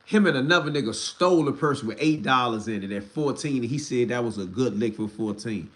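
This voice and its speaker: A young man hosting a livestream goes on a heated rant full of blunt street slang and heavy swearing. He talks fairly quickly with a slightly bright voice that rises in pitch as he gets worked up.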